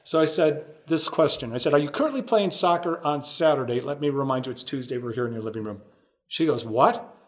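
A man's voice: medium pitch, a little fast. A man telling a story as a guest in a conversation, acting out the voices of the people in it. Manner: acts out quoted voices in his stories. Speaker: podcast guest.

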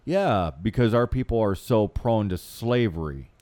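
A man's voice: fairly low pitch, animated, a little slow, dark tone, no echo. A man co-hosting an unscripted chat, joking and loose with casual grammar. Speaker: podcast co-host.

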